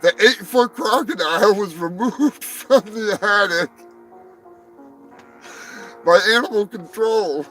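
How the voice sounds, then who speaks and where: A man hosting a live stream, riffing on animal news in a rambling, profane, jokey way, swinging between loud outbursts and muttered asides. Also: high-pitched, slow, long pauses, faint music behind, poor audio. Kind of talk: profane comedic news rant.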